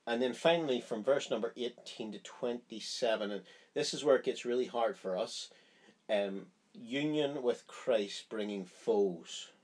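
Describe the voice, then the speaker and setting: A man's voice: mid-range voice, a little slow, a little mellow. A man giving a Bible study, explaining a chapter in an earnest, conversational way. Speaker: Bible teacher.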